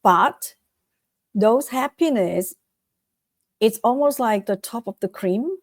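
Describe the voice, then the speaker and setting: A middle-aged woman from Vietnam, a guest author and life coach, answering interview questions with animated, repeated motivational advice and acted-out quotes. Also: fairly high pitch, slow, dry recording, clean studio sound. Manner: animated, acts out quoted voices, repeats phrases for emphasis.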